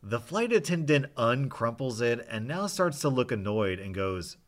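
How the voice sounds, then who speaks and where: A man narrates a forum story in a wry, storytelling way. His voice sits at an ordinary pitch for a man but moves a lot, rising and falling through the telling. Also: sing-song, moderate pace, hardly any pauses. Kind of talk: reading a forum story aloud.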